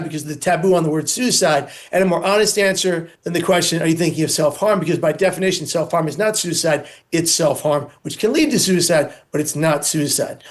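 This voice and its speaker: An earnest man giving a guest interview, pressing his points hard. His voice sits a little high for a man, and he hammers ideas home through repeated lists. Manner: emphatic, repetitive lists. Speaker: guest, suicide prevention speaker. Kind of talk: earnest advocacy talk.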